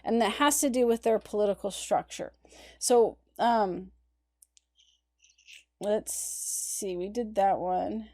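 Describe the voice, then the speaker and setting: A woman's voice: medium pitch, takes it slowly, long pauses, warm tone. A woman art history instructor giving a conversational recorded lecture, talking through images on her slides. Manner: conversational, explaining images on screen.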